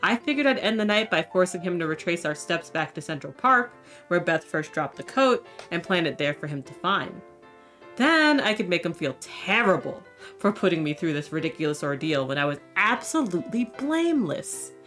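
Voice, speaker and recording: A woman's voice: on the low side, big pitch swings, moderate pace, fairly bright tone. A woman reading the lines of a sly male con-artist narrator in a wry, self-assured storytelling manner, with faint music behind. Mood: scheming.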